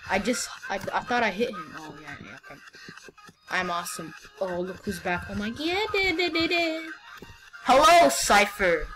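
An expressive young woman with a medium-pitched voice commentates her gameplay at normal speed on a rough recording. Her talk is playful and teasing, and she frequently stammers before restarting.

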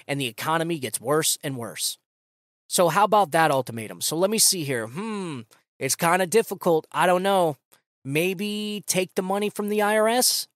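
A man's voice: a little high, a bit bright, dry recording, clean studio sound. A man hosting a political commentary podcast, ranting in a sarcastic, casual way with slang. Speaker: podcast host.

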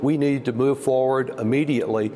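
A man's voice: mid-range voice, fairly even intonation, a little fast, dark tone. A man from Texas, a congressman, answering a news interview in a pointed, emphatic way with many fillers. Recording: long reverb, faint background noise.

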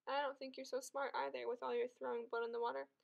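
A woman reading as a defiant, sharp-tongued young princess. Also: sits high, little pitch movement, fast, gravelly, highs cut off.

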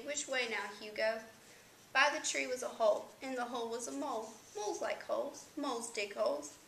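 A woman's voice: high voice, vocal fry, a bit bright, reverberant, a little hiss or hum, poor audio. A woman reading a children's picture book aloud with sing-song storytelling emphasis.

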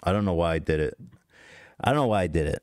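A podcast host in his thirties, whose voice sits low and sounds smooth, speaks animatedly at a quick pace. He rambles through a profane, self-deprecating story for stream chat, restarting frequently, and the studio-quality audio has no room sound.

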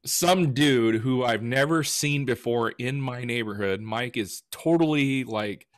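A man chats casually on a podcast, telling stories with animated quoted lines. His voice sits in a middle register. The sound is dry and close, with no room sound. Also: mid-range voice, a little slow, no room sound. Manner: animated storyteller who acts out quotes. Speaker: podcast co-host and woodworker. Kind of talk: casual chat.

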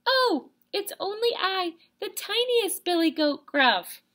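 A woman voicing a tiny, timid young billy goat from a storybook, speaking in a high, squeaky little voice. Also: sing-song, takes it slowly, fairly bright tone, heavily acted. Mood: meek.

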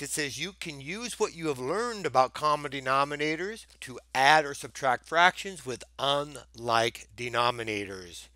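A man's voice: mid-range voice, expressive, a little slow, sharp tone, no room sound. A man teaching a math lesson in an upbeat, playful way, repeating key points for emphasis. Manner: playful, enthusiastic explaining.

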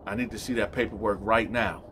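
Brief: man doing a tough inmate, gruff, commanding, menacing. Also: on the low side, steady tone, a little fast, background noise, close to an everyday voice.

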